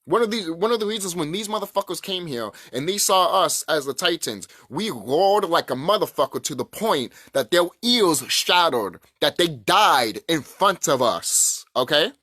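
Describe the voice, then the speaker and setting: Man, casual vlog rant, profane and rambling, pitch swinging up and down, dry close sound. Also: expressive, normal speed, few pauses, sharp tone, no echo. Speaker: vlogger. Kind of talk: casual spiritual rant to camera.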